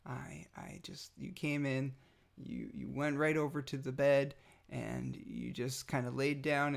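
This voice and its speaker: Gravelly-voiced dad, tender and halting. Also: male voice, mid-range voice. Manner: tender and halting, with many pauses and fillers. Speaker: father. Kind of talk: heartfelt spoken message to his toddler son.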